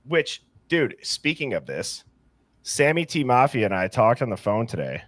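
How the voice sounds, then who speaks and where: A man hosts a casual livestream, working through viewer comments and greeting each person warmly by name. His voice sits at an ordinary middle pitch. The sound is dry and close, with no room echo. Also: very animated, normal speed. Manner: upbeat, greets viewers one by one. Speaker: livestream host.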